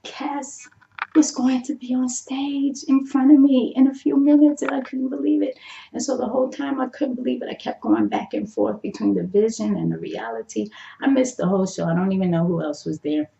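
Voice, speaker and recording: A middle-aged woman tells her own story to camera, excitable and dramatic. She acts out her thoughts, moving from near-whispers to high cries. Her voice is gravelly and mellow, recorded in an echoey room with a dull, lo-fi sound. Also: moderate pace, slight background noise. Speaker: vlogger telling a personal success story. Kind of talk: animated personal storytelling.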